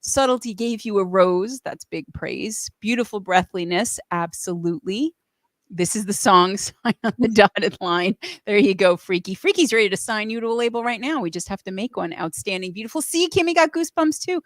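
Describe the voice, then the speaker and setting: A woman's voice: medium pitch, normal speed, no echo, studio quality. A middle-aged woman hosting a casual livestream, gushing emotionally and reading chat messages aloud. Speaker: host.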